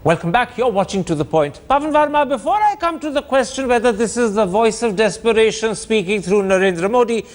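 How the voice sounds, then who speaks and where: A man's voice: sits high, expressive, brisk, few pauses. A man hosting a studio political debate, probing and emphatic, cutting in to steer the discussion. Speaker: television debate host.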